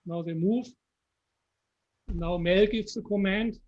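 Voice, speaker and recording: A man with a German accent, patiently explaining software step by step on a video call. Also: high voice, slow. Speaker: software presenter. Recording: dull lo-fi call audio.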